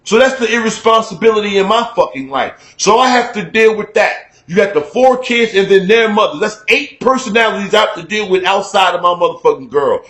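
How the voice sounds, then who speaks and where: A middle-aged man giving a candid, profane talk-show monologue, emphatic and conversational, getting loud when he is worked up. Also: high voice, lively intonation, fairly quick, hardly any pauses, echoey room, poor audio. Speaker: radio talk show host.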